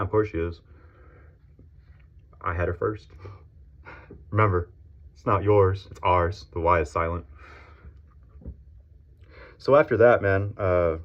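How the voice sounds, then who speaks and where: A man in his thirties telling a personal story as a casual vlog rant, blunt and profane, full of slang. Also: low-pitched. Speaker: vlogger. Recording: dull lo-fi audio.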